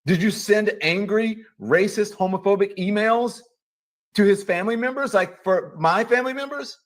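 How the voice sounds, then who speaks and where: Brief: male commentator, fairly high voice, sarcastic rant full of rhetorical questions. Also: moderate pace. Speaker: political commentator. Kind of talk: ranting monologue to camera.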